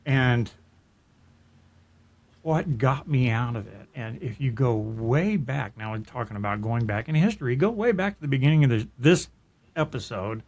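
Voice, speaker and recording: A middle-aged podcast co-host shares his personal story in casual chat, earnest and reflective, often restarting a thought and letting out soft laughs. His plain, steady voice sits at a mid pitch, neither high nor low, and he speaks at normal speed.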